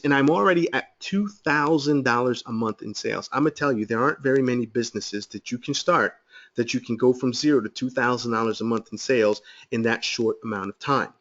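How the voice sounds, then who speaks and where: A man presenting a sales webinar, telling his story with excitement and calling listeners "guys.". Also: mid-range voice, dull audio.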